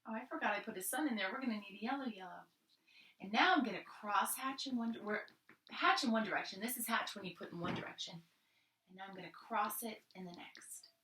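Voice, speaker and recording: A woman's voice: mid-range voice, animated, quick pace, recorded from a distance, a little hiss or hum. Encouraging art teacher woman, echoey room. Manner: gentle, encouraging, thinks aloud while drawing. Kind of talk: friendly step-by-step art lesson.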